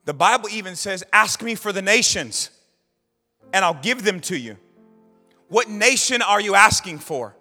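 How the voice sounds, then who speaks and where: A man preaching a sermon as pastor, swinging between hushed low lines and loud shouted bursts. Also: animated, normal speed. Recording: hall reverb, faint music behind.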